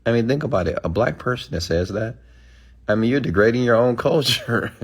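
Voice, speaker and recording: A man's voice: medium pitch, lively intonation, moderate pace, breathy edge. A man ranting emphatically on a live stream, answering chat comments and preaching to his followers with repeated "okay?"s.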